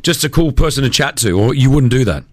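A man hosting a breakfast radio show, reacting excitedly and firing off questions. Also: medium pitch, quick pace, no echo, clean studio sound. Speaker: radio host.

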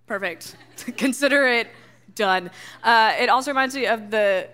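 Young woman speaker, sermon from a stage, bright and fairly high voice, sarcastic conversational wit. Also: a little slow. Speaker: speaker at a church gathering. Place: stage before a live audience.

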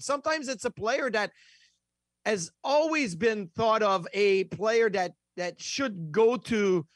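A man's voice: sits high, fairly bright tone, dry recording. A man co-hosting a casual sports talk show, rambling with many fillers and restarts. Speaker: hockey podcast co-host.

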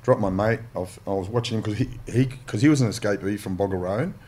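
A very deep-voiced Australian man spinning yarns as a podcast guest. He talks bluntly and swears freely, looping back and restarting his sentences, and a faint hiss of noise sits under him. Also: fast, darkish tone. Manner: blunt and profane, rambling with restarts. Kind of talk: casual storytelling.

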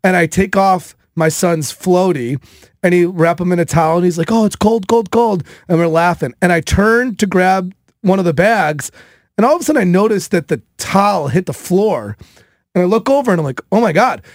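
A man in his thirties hosting a podcast, telling a casual story in an animated way, with many fillers. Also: high-pitched, normal speed, no echo, clean studio sound. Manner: animated, filler-heavy with frequent "like". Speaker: podcast host.

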